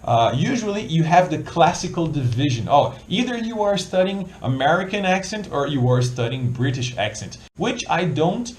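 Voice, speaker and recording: A Brazilian man, a native Portuguese speaker, talking casually in English with a Brazilian accent, often checking in with "right?" and filling pauses with "uh". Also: fairly high pitch, sing-song, poor audio. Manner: chatty, often ending with a tag "right?", frequent "uh" fillers. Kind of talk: casual conversational advice.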